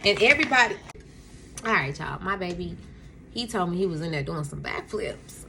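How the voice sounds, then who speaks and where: A young woman with a mid-range, gravelly voice tells a storytime to her camera at home in a room with a Christmas tree, speaking at a moderate pace and pausing often. She's animated, acting out quotes, laughing frequently and calling viewers "y'all," over a noisy background.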